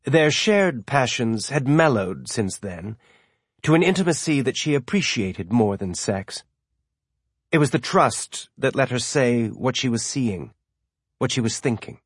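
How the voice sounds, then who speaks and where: A man reading a novel aloud as audiobook narrator, in a steady storytelling manner. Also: medium pitch, measured pace, breathy edge, no room sound, studio quality. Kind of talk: scripted narration.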